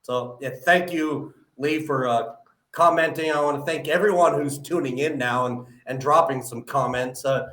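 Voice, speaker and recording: A man's voice: medium pitch, moderate pace, fairly bright tone. Echoey-sounding man hosting a live podcast. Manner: friendly, asks follow-up questions, many "uh" fillers. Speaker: podcast host.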